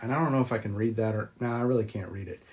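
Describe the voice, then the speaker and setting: A man chatting casually on a live stream, greeting viewers and filling pauses with ums as he shows old magic props. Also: darkish tone. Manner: chatty, greets viewers, jumps up high on exclamations; frequent ums and uhs. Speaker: vlogger showing magic props.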